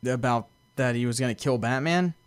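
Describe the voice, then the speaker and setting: A man co-hosting a casual podcast chat, blunt and a bit dismissive, tripping over his words as he restarts. His voice sits in an ordinary middle pitch. It comes through a close, dry microphone with no room sound. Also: a little fast, clear, resonant tone, no room sound. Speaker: podcast co-host.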